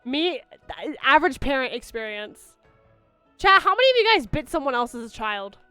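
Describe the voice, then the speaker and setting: A woman's voice: high-pitched, big pitch swings, moderate pace, bright, forceful tone, dry recording, soft background music. A young woman streamer chatting casually with her viewers, rambling with lots of fillers and restarts. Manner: baby-talk to her dog.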